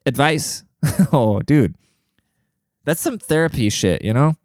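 A man's voice: medium pitch, animated, slow pace, darkish tone, dry recording, clean studio sound. A young man reacting to advice posts in casual, crude, rambling commentary with many fillers.

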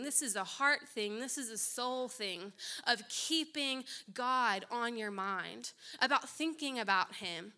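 A young woman preaching a sermon, telling a story with quick asides. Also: fairly high pitch, pushed and bright.

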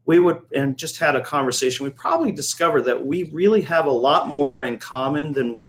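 A man's voice: on the high side, fairly quick, a little hiss or hum, low-quality recording. Middle-aged guy rambling through a story, lots of ums and restarts, chatty. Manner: rambling anecdotal storyteller, many restarts and fillers. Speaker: coffee shop owner and podcast host. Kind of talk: casual storytelling chat.

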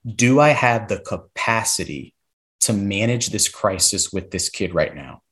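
Low-voiced man coaching teachers. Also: lively intonation, measured pace, fairly bright tone. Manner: coaching, rhetorical "right?" check-ins. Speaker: podcast guest, classroom behavior expert. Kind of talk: explanatory podcast talk.

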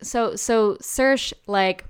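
A woman co-hosting a casual chat, animated and given to loud exclamations and swearing. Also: a little high, takes it slowly, smooth. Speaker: podcast co-host. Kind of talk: casual chat recapping a show.

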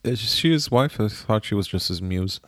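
A man's voice: on the low side, expressive, normal speed, no room sound. A man co-hosting a casual chat, dropping dry, wry asides. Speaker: podcast co-host.

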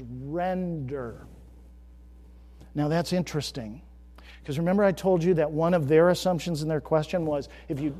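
A middle-aged male pastor delivers a sermon in a fairly high voice. He moves between loud, emphatic declarations and soft, conversational asides. The sound carries the long reverb of a large church sanctuary.

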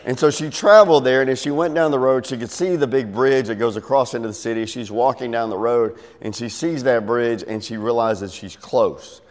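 A man's voice: medium pitch, brisk, few pauses, darkish tone. A middle-aged man preaching a sermon, telling a story and acting out its voices with big swings. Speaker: pastor. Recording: long hall reverb.

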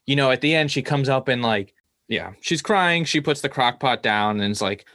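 A man co-hosting a podcast in casual chat, wry and quick to laugh, with lots of "like". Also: mid-range voice, expressive, a bit bright, no echo, clean studio sound. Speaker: podcast co-host.

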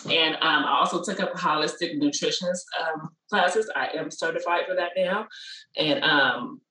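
A woman tells stories from her small business and her life as a mother, acting out quotes in a much higher voice. Her voice is bright and forceful, with an easy casual flow. The sound carries a roomy echo. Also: moderate pace. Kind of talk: casual interview storytelling.

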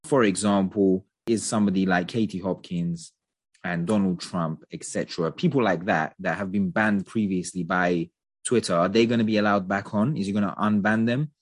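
Low husky-voiced male podcaster. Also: moderate pace, no room sound. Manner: chatty, animated opinions with frequent hedges. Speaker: podcast co-host. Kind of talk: casual podcast chat.

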